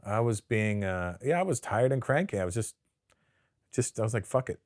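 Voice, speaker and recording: A man with a fairly low voice chats in a studio interview, recorded close and dry. He talks loosely and profanely, restarting sentences, and slips into animated impressions when he tells a story. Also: moderate pace, dry recording. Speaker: comedian guest. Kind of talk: casual interview chat.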